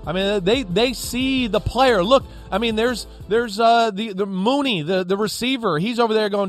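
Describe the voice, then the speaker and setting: A man's voice: high-pitched, normal speed, few pauses, soft background music. A man working as a football analyst on a studio sports talk show, talking emphatically and acting out players' reactions.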